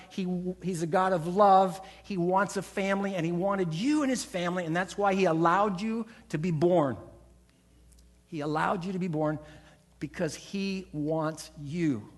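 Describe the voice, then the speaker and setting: Emphatic preacher, fairly high man's voice. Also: moderate pace. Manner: emphatic preaching, acts out quoted voices, leads the congregation in call-and-response. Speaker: pastor. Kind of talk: sermon. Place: church sanctuary.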